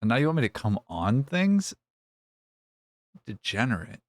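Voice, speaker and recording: A man's voice: medium pitch, sing-song, fairly quick, a little mellow, no echo, clean studio sound. A man streaming a game live, casually teasing and bantering with his chat as he reads it out.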